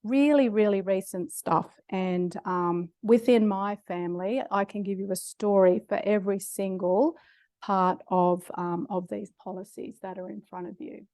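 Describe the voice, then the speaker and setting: A woman's voice: medium pitch, fairly even intonation, unhurried, mellow, no echo. Middle-aged Australian woman lecturer, wry storyteller, dry close mic. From Australia (Queensland). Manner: humorous, self-deprecating storytelling with laughs. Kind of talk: public lecture with personal stories. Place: lecture hall.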